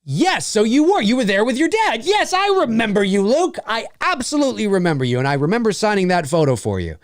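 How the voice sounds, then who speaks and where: A man's voice: high voice, very animated, a little fast, no room sound, clean studio sound. A man from Canada hosting a casual live-stream Q&A, rambling, repeating phrases and reading out viewers' comments.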